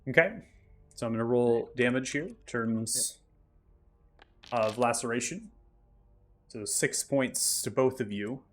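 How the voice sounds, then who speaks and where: A man acting as game master, calmly narrating the action and explaining rules step by step. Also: mid-range voice, measured pace. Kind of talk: narrating and ruling a tabletop game.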